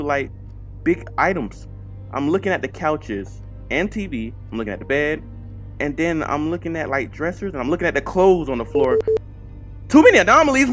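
A young man playing a horror game at home on a desk mic, panicking, shouting in bursts and swearing in casual slang. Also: mid-range voice. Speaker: gaming YouTuber. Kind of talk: horror game let's play commentary.

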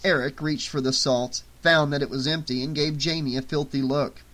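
A man reading an audiobook aloud in a steady, clear voice. His pitch sits a little above the usual for a man, and he keeps an even narrating pace. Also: moderate pace.

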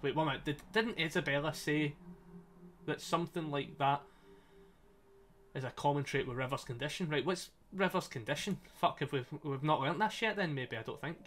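A man giving excitable, sweary commentary while playing a game, laughing often. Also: fairly high pitch, normal speed, a little hiss or hum. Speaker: gaming streamer. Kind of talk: casual let's-play commentary. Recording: faint game music behind.

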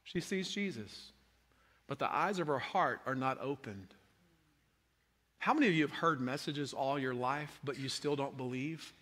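A man preaching a sermon as a pastor, swinging from hushed tones to impassioned shouting. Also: medium pitch, moderate pace. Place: large church hall. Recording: long hall reverb.

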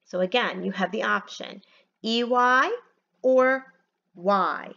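A woman teacher giving a phonics lesson from home, spelling words out letter by letter in a slow, careful way. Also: medium pitch, vocal fry, fairly bright tone, highs cut off.

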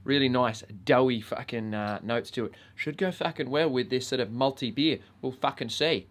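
A man's voice: mid-range voice, moderate pace. A man with an Australian accent hosting a casual review vlog, swearing constantly in a blokey, joking way. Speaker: vape reviewer and channel host.

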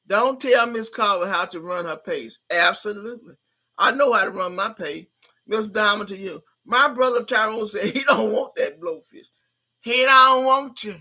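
A woman's voice: mid-range voice, bright, forceful tone. A woman in her sixties hosting a livestream, reading viewers' comments aloud in a brash, profane way and laughing often. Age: 60s. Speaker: livestream host.

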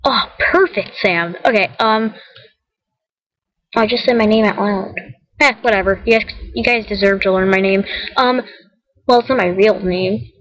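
On a poor-quality recording, this mid-range female voice moves at a normal speed with frequent pauses and a slightly bright tone. She's a young gaming vlogger talking loosely over her gameplay, giggly and self-correcting, complaining that she's tired and cold.

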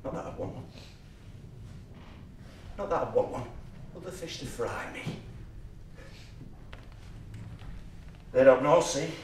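An actor playing a menacing, order-obsessed psychopathic man in a stage monologue, slow and intense, dropping to whispers and bursting out loud. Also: medium pitch, expressive, slight background noise, close to an everyday voice. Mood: sneering. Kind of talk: theatrical monologue. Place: theatre stage. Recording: distant, echoey stage recording.

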